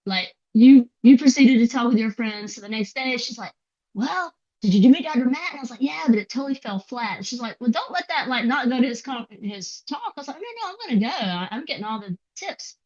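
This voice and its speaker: A woman guest on a podcast, chatting and telling stories in a casual, quick way with soft asides. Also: on the high side, lively intonation, highs cut off. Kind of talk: casual interview chat.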